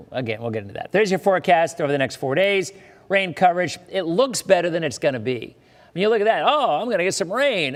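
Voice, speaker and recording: A man's voice: fairly high pitch, big-room sound. A man hosting a live weather forecast, talking in a chatty way with joking asides to his viewers.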